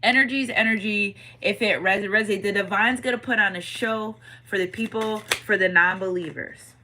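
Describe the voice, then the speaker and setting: Bright-voiced woman giving a tarot reading. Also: mid-range voice, moderate pace, a little hiss or hum, poor audio. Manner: slangy, repeats catchphrases, talks straight to viewers. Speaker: tarot reader.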